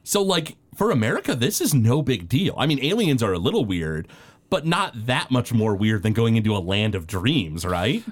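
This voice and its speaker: A man chatting casually as a podcast co-host, his pitch rising and falling with lively, animated swings. He rambles through loose sentences full of fillers and restarts. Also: moderate pace. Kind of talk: casual chat.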